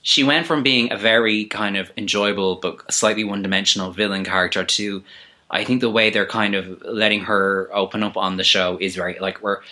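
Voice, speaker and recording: A man chats on a podcast panel in a lively, gossipy way. His voice sits fairly low but sounds bright and forceful. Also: fairly quick. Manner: animated, gossipy, breaks into mock impressions. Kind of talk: casual chat.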